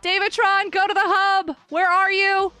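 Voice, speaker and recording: A woman live-streaming a block-building game, excitedly chatting with viewers and cheering players on. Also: very high-pitched, a little slow, no echo, faint music behind. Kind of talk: live Minecraft stream chat.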